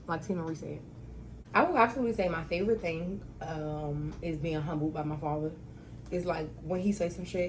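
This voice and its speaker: A young woman hosts her own talk show alone, rambling through casual stories full of slang. Her voice sits a little low and jumps into loud, excited outbursts when she acts out a punchline. A faint hum of room ambience sits behind her. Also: fairly quick, low-quality recording.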